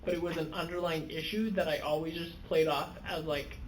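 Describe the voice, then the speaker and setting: Soft-spoken reflective young man. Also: on the high side, steady tone, a little fast, slight background noise, low-quality recording. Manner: reflective, hesitant, searching for words. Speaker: podcast co-host. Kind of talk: casual podcast chat.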